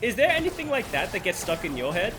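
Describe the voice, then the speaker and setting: Fast-talking and very animated, an adult man with a high-pitched voice chats during a live game stream. He rambles in a playful way and laughs at himself while game music plays.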